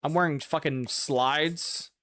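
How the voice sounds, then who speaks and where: A man's voice: fairly high pitch, steady tone, slow, fairly bright tone. Profane, chatty male gaming streamer. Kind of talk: casual gameplay commentary.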